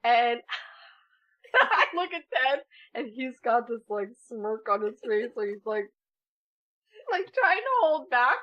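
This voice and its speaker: A woman in her thirties co-hosting a casual podcast, her voice sitting a little high. She tells stories in an animated way and breaks into laughter often. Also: slow, long pauses, highs cut off. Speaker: podcast co-host. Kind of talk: casual storytelling chat.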